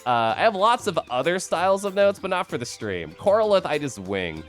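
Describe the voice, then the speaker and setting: A man from the Midwest, hoarse, chatting casually and profanely on a livestream. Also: high-pitched, sing-song, brisk, soft background music. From American Midwest. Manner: loose, profane and chatty with frequent laughs. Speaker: streamer.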